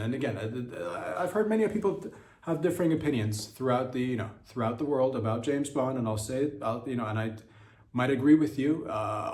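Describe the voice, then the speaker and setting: A man hosts a comedy podcast in a loose, rambling rant, swearing freely and restarting his sentences. His voice sits at an ordinary middle pitch. The room gives it a noticeable echo. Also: a little mellow. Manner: rambling, profane, many restarts.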